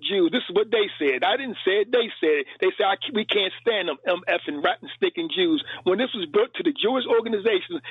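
A man's voice: sits high, breathy edge, no echo. A man calling in to a radio show, heated and rambling, stumbling over and repeating his words. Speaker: caller. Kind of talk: call-in radio rant. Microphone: telephone. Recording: tinny phone line.

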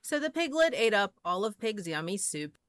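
A woman reading children's picture books aloud in an expressive, sing-song way. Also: medium pitch, normal speed, dry recording, clean studio sound. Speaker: storyteller.

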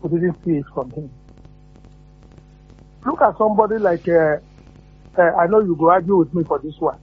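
A man's voice: a little high, moderate pace, breathy edge. A man with a Nigerian accent calling in to a radio show, giving his opinion earnestly. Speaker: caller. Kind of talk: phone-in opinion. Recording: tinny phone line.

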